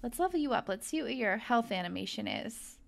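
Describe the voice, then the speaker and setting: A woman's voice: a little high, lively intonation, brisk, vocal fry. A young woman casually commentating her own gameplay, chatty and gushing over the creatures she tames. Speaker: gaming video host. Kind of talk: casual let's-play commentary.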